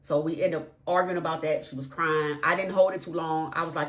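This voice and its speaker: A woman's voice: low-pitched, steady tone, fairly quick, a bit bright. A woman telling a personal story casually, with emphatic repetition and slang. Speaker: vlogger.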